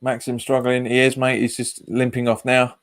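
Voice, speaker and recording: Recorded on a webcam, the host of a football fan channel runs a live watch-along stream in a mid-range voice, moderately paced and completely flat in delivery. He chats casually, reacting to the match and to live chat comments, and often calls viewers "mate."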